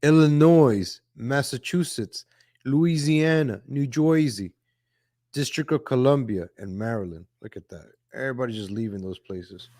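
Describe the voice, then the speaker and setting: A man hosting a casual political commentary livestream, talking in a chatty, repetitive way, greeting viewers from the chat and often saying "ladies and gentlemen". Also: mid-range voice, measured pace, no room sound, clean studio sound. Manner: reads viewer chat names aloud. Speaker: livestream host.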